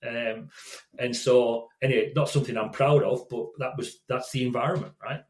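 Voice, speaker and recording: A man's voice: medium pitch, steady tone, moderate pace. A man in his sixties, a safety consultant, telling stories as an interview guest in a rambling way, restarting and repeating words. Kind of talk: storytelling in casual interview. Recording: echoey room.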